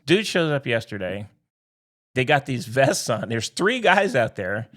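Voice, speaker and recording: A man's voice: mid-range voice, very animated, unhurried, a bit bright. A man in his fifties co-hosting a casual podcast, ranting grumpily and swearing freely. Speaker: podcast co-host.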